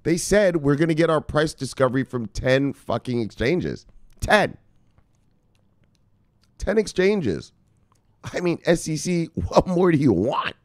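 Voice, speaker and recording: A man's voice: a little high, big pitch swings, measured pace, pauses often, no room sound, clean studio sound. A man hosting a crypto news show, talking casually with lots of swearing, laughter and playful asides. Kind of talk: casual profane news commentary.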